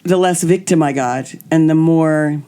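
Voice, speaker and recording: A middle-aged woman hosting a podcast, telling candid personal stories in an animated way and acting out the voices of people she quotes. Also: low voice, unhurried, clear, resonant tone. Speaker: podcast host. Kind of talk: candid storytelling chat.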